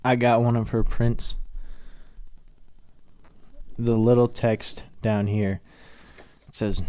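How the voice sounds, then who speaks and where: A man's voice: mid-range voice, fairly even intonation, slow pace, pauses often, a little mellow, clean tone. A young man from Minnesota hosting a casual solo podcast, rambling loosely, swearing freely and laughing often. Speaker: podcast host.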